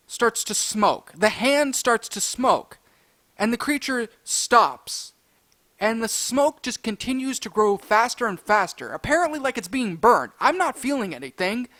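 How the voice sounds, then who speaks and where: A very high-pitched man telling a wild storytime tale in a casual, animated way. He speeds up and rises into loud excited outbursts as he goes.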